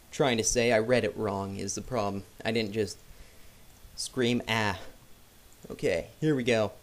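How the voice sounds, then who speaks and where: Excitable man with lively pitch. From Canada. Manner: excitable, jokey, yelps at sudden scares. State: sick. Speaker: gameplay commentator. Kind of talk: casual gameplay commentary.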